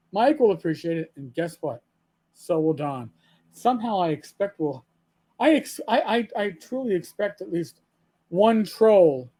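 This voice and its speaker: A man's voice: high voice, darkish tone. A man hosting his own podcast, delivering an angry rant with frequent swearing and stammered restarts, repeating himself as he gets worked up. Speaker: channel host.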